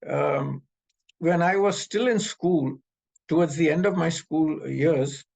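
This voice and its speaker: A man in his seventies, from Pakistan, telling memories as an animated storyteller who acts out the dialogue. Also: fairly high pitch, slow, creaky, rough recording. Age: 70s. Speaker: interviewee recounting memories. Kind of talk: storytelling reminiscence. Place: North America.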